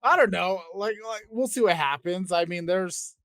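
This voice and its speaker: A man's voice: sits high, moderate pace, a bit bright, dry recording. A man co-hosting a podcast in casual chat, rambling, trailing off and restarting his sentences, swearing now and then. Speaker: podcast co-host.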